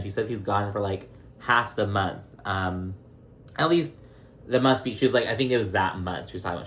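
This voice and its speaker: A man's voice: lowish voice, a bit bright, slight background noise. A young man hosting a casual reality TV recap vlog. He talks in a chatty, profane way and keeps slipping into mocking voices of the cast.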